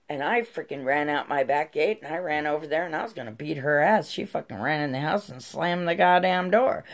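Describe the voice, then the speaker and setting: A woman's voice: low-pitched, expressive, moderate pace, gravelly. A middle-aged woman telling a personal story in a casual, profane, heated way.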